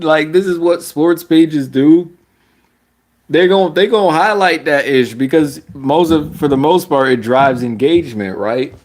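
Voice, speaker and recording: A young man giving casual, slangy basketball commentary. He rants, laughs often and mocks other people with sudden high-pitched voices. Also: a little slow. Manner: animated, laughing, slangy, mocking voices with big pitch jumps.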